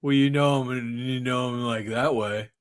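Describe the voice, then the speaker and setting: A man's voice: mid-range voice, fairly even intonation, normal speed, clean tone, no room sound. A man hosting a casual podcast, rambling off into absurd tangents. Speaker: podcast host.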